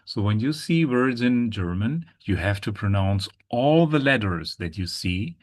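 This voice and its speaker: Man, language teacher, patient, repeats words, slow unhurried pace, lowish voice. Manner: patient, repeats words slowly for students to copy. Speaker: German teacher. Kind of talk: pronunciation lesson.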